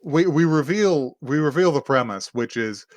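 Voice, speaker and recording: A man's voice: fairly high pitch, expressive, moderate pace, no echo, studio quality. A man co-hosting a podcast, casually recapping an anime and acting out the characters' lines between laughs. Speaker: podcast co-host.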